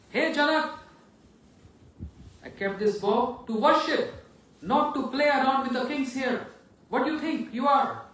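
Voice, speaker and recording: A man's voice: a bit bright, full character voice. A man roaring as a furious old warrior sage. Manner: booming, threatening, repeats himself. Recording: echoey room, far from mic.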